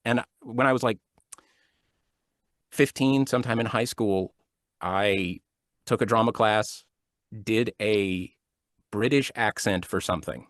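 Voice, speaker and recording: A man in his thirties, an actor and audiobook narrator, speaks in a lowish voice, taking it slowly and pausing often. The sound is clean studio quality from a home studio with no echo. In a casual interview chat as a guest, he tells stories animatedly, laughing often and restarting sentences.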